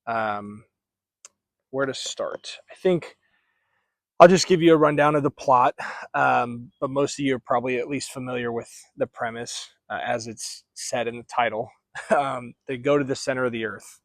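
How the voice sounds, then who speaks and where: Male vlogger, mid-pitch, loose and chatty book-review delivery, dry close sound. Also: normal speed, dry recording. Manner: chatty, rambling, self-correcting.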